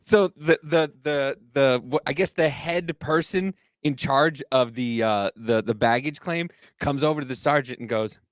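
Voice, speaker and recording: A man co-hosting a casual chat, telling a story in an animated, swearing way and acting out angry quotes. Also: medium pitch, unhurried, hardly any pauses, no echo. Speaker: podcast co-host.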